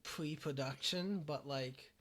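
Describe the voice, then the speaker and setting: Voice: medium pitch, slow, a crowd in the background. A podcast co-host in casual chat, hesitant, with many fillers and frequent giggles.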